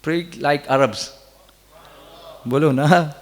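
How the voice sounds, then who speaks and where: High-voiced man preaching in a hall. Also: lively intonation, moderate pace, fairly bright tone. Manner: coaxes the audience to repeat, rises into fervent emphasis. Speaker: Quran reciter and teacher. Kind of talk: interactive religious talk with recitation. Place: large hall at a religious gathering. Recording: reverberant hall.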